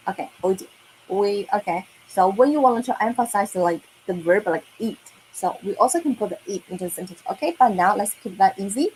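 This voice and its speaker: Slow, patient woman teacher. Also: medium pitch, slight background noise, poor audio. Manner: slow, patient, repeats words and checks with "okay?" and "right?". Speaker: Mandarin teacher. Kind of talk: online kids' language lesson.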